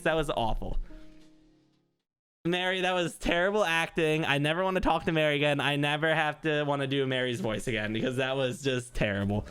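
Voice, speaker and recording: A man's voice: a little high, brisk, a bit bright, faint music behind. A man casually commenting on a detective game he is playing, joking and reading lines aloud. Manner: jokey, reads character lines in silly put-on voices.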